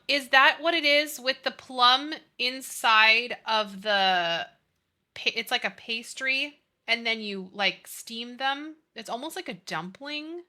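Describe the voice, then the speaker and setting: Bright-voiced, chatty young woman streamer. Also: on the high side. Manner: chatty, giggly, swears casually, talks to chat and friends. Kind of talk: casual live-stream chat while gaming.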